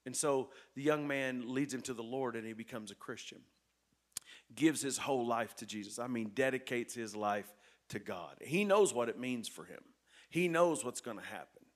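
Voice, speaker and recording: A pastor telling a story in a sermon, earnest and repetitive, dropping soft and then rising loud. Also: male voice, mid-range voice, normal speed.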